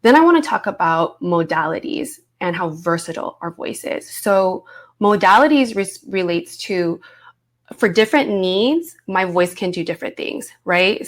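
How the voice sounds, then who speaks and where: A woman's voice: fairly low pitch, expressive, moderate pace. A woman in her thirties teaching an online course, speaking in a reflective way and often checking in with her listeners. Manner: reflective, warm teaching tone with frequent "right?" check-ins. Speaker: voice coach.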